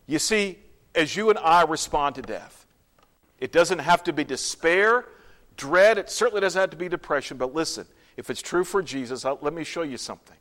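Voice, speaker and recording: A man preaching a sermon, acting out scenes and dropping to hushed whispers. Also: fairly high pitch, expressive, normal speed. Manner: dramatic, swings from loud to hushed whispers. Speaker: pastor.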